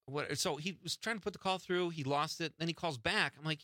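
A man's voice: on the high side, fairly quick, no echo, studio quality. A middle-aged man hosting a talk radio show, telling a story with frequent laughs. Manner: animated, laughing anecdotes.

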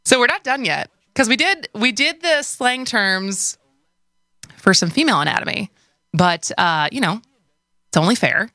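A woman's voice: medium pitch, lively intonation, normal speed, pushed and bright, no room sound, studio quality. A woman with a Wisconsin accent co-hosting a radio talk show, chatting loosely and giggling often. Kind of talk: casual radio chat.

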